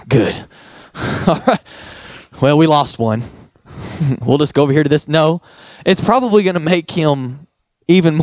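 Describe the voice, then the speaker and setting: A young man with a high voice preaches in a church, keeping it conversational with rhetorical questions and quick chuckles. His voice sounds dry and slightly dull, close to the mic. It comes across as an everyday sermon to a congregation. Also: darkish tone, dry recording. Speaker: pastor.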